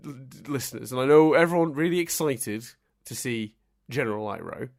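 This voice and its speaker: A man co-hosting a casual podcast chat, his voice swinging widely in pitch as he rants. He sits at a middling pitch, self-mocking and quick to laugh at his own gripes. His runs all through the conversation. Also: gravelly. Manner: animated, self-mocking, ranting. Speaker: podcast co-host.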